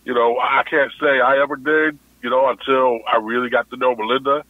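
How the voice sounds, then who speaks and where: A man's voice: mid-range voice, steady tone, brisk, dry recording. A man co-hosting a podcast, chatting in an easygoing, agreeable way. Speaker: podcast co-host. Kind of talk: casual chat. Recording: tinny phone-like line.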